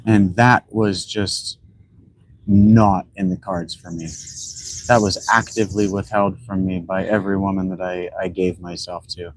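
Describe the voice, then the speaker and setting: A man with a somewhat low voice rambles bluntly through his opinions while he plays a video game. A faint hum of room ambience sits behind him. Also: little pitch movement, normal speed, poor audio. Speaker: gaming streamer. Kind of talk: casual commentary while playing.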